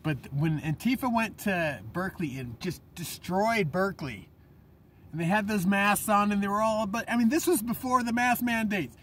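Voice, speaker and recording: A man's voice: normal speed, slight background noise. Profane, heated man ranting on a vlog. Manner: profane, heated and rambling, swinging between loud outbursts and low mutters. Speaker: vlogger. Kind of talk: ranting monologue.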